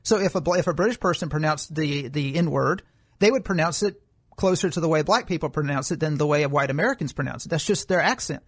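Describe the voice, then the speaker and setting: A man's voice: fairly high pitch, brisk. A man co-hosting a political commentary podcast, explaining his views at length in an argumentative way. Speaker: podcast co-host.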